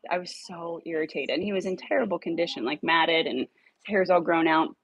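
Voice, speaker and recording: A woman casually telling a dog rescue story, animated, swearing now and then and acting out her own lines. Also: fairly quick, creaky, no room sound, poor audio. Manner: animated, acts out her own dialogue in a higher voice; swears casually when irritated.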